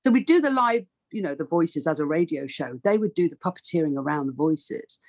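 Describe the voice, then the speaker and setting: A woman's voice: low-pitched, a little fast, slight background noise. A woman, a voice artist chatting as a comedy podcast guest. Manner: chatty, animated, slips into funny voices. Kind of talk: comic conversation.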